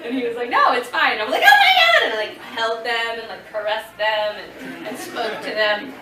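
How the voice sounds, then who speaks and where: A woman in her thirties telling a lively story to a convention audience, laughing and acting out what people said. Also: a little high, moderate pace, a faint crowd. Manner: animated, laughing, acting out quotes. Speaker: convention panel guest. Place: convention panel room. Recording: echoey room, voice from far off.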